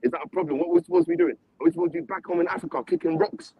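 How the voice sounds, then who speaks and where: A man's voice: extremely high pitch, sing-song, racing, gravelly, husky, dry recording, lo-fi sound. A man on a panel stream, arguing heatedly and repeating himself. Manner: impassioned, repetitive, confrontational. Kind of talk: heated debate.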